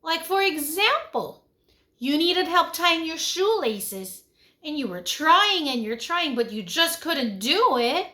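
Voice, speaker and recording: A woman preschool teacher giving an online lesson to small children. She speaks slowly in a fairly high voice that swings up and down in a sing-song way, asking the little ones many questions. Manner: animated, sing-song, big swings in pitch and loudness.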